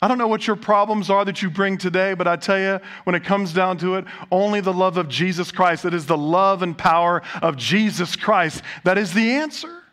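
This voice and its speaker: Bright-voiced preacher man. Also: high voice, normal speed, few pauses. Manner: storytelling with jokes and rhetorical questions. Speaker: pastor. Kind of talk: sermon. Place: church sanctuary.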